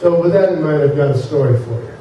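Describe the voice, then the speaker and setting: A male minister giving a sermon in a casual, joke-telling way, often pausing with fillers as he speaks. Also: fairly high pitch, warm tone, a little hiss or hum. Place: church sanctuary. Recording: echoey far-off dull sanctuary recording.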